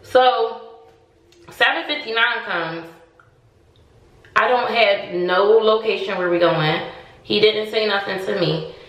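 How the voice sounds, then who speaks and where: A woman with a mid-range voice tells a personal story in a chatty, animated vlog style, playing out both sides of each conversation. Her voice bounces around an echoey room at home. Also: medium pitch, slow, long pauses, far from the mic. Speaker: storytime vlogger. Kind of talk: casual storytelling to camera.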